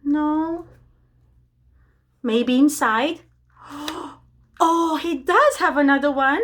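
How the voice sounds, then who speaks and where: A woman teaching preschool children, gentle and encouraging as she leads a reading game. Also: high voice, takes it slowly. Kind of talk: children's lesson.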